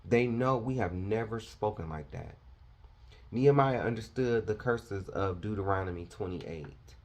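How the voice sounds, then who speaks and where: A man's voice: fairly low pitch, unhurried. A man preaching a confrontational, fiery sermon, lecturing his listeners.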